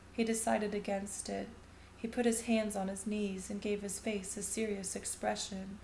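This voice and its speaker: A woman reading a short story aloud in a steady, even narrating voice. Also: medium pitch, normal speed, vocal fry, a little hiss or hum. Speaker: reader. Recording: echoey room.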